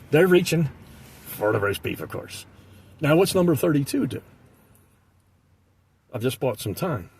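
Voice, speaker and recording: A man delivering a comic monologue in an animated way, slipping into the voices of the people he describes. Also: medium pitch, moderate pace, gravelly, pauses often, husky. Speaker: comedic storyteller.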